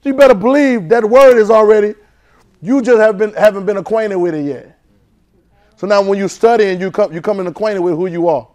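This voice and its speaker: A man preaching a sermon in call-and-response, swinging from loud urging to soft, hushed lines. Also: high voice, a little fast. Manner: swings from loud exhortation to soft near-whispers.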